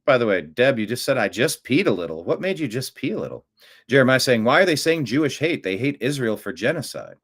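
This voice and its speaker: A man hosting a talk show, giving rambling, opinionated political commentary that swings from mutters to loud outbursts. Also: medium pitch, very animated, fast.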